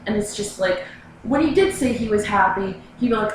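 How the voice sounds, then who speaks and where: A woman's voice: mid-range voice, animated, normal speed, a little hiss or hum. A young woman vlogging, telling a personal story in a rambling, casual way full of "like" and "you know.". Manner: rambling, filler-heavy, lots of "like". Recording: very echoey room, mic far away.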